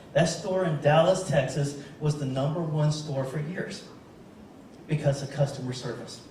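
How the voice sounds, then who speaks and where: A man's voice: fairly high pitch, mellow, a little hiss or hum. A man giving a keynote speech as a motivational speaker, telling a story and speaking straight to the audience. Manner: storytelling, addresses audience directly. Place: large event hall. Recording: very echoey hall from far off.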